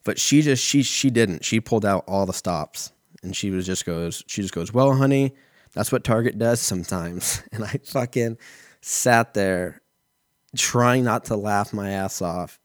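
A man's voice: lowish voice, a little slow, dry recording, studio quality. A man in his thirties telling a rambling, profane everyday story in a casual solo chat, full of fillers like "like" and "you know.". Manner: rambling, heavy swearing, lots of fillers.

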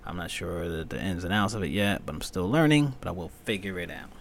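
A man with a fairly low voice hosts his own podcast, talking in a loose, rambling, profane style. He drifts between low mutters and sudden loud, high-pitched rants. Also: lively intonation, fast, slight background noise. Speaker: podcast host. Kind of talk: solo podcast rant.

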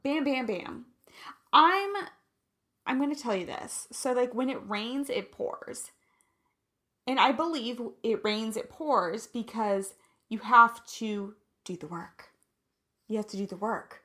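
A woman's voice: on the high side, bright, forceful tone. A woman in her thirties talking candidly and emotionally to her viewers in a personal vlog. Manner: emotional, candid, drawn-out and reflective. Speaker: vlogger.

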